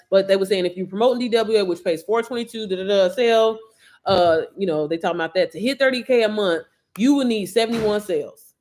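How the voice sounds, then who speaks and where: A woman's voice: a little fast, slight background noise. Chatty woman livestreaming to viewers. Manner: chatty, slangy, addresses viewers directly; lively swings in pitch and loudness. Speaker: online business coach. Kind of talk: casual livestream talk.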